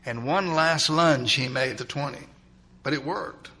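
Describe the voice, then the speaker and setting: A man narrating a dramatic story, swinging from loud, urgent passages to hushed ones. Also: mid-range voice, measured pace.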